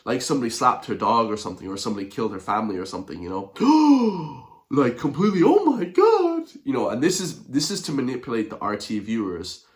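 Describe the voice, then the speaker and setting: A man ranting scornfully in an animated political commentary video, with mocking gasps. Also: on the low side, racing, hardly any pauses. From Ireland.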